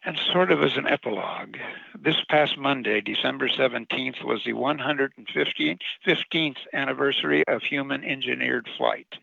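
A man's voice: medium pitch, normal speed, creaky, bright, forceful tone, no echo, lo-fi sound. A man reading a short story he wrote, with wry, sardonic narration, as a radio commentator. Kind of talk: reading his own short story aloud.

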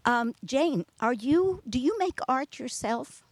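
A woman with a New York accent hosting a casual interview, chatty and quick to laugh. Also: high voice, animated, dry recording. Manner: chatty, laughs often, restarts sentences. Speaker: radio show host.

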